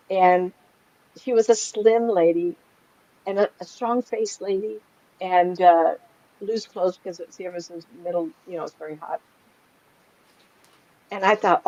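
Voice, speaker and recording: Middle-aged woman, psychic medium, casual storytelling, laughs a lot, slightly dull lo-fi audio. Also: fairly low pitch. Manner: animated, laughs often while telling stories.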